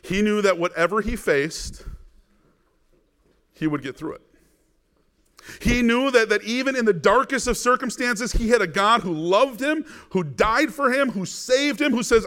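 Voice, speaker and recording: A man with a notably high voice delivers a sermon. He preaches earnestly and with emphasis, often turning to the listeners with questions. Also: animated, unhurried, fairly bright tone. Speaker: pastor.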